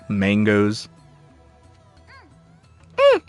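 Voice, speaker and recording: Young male streamer, lively up-and-down delivery, dry close sound, casual chat with his viewers. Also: mid-range voice, moderate pace, no echo, faint music behind. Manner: chatty, jumpy, talks back to chat.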